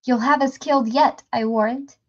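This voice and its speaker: A woman's voice: high-pitched, fairly even intonation, normal speed, highs cut off. A woman voicing a terrified old woman who speaks in a cracked, quavering voice. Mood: frightened.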